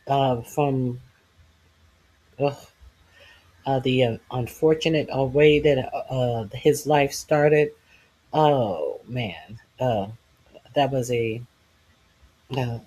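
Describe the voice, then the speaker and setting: Brief: slow-talking, hesitant male host addressing his viewers. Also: mid-range voice, a little mellow. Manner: halting, filled with many uh's. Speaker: channel host. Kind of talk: slow casual commentary to viewers.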